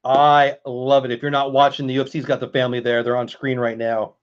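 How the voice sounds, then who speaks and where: A man's voice: mid-range voice, little pitch movement, fast talker, muffled recording, slight background noise. A man hosting a casual live stream, chatting with viewers and answering chat as he goes.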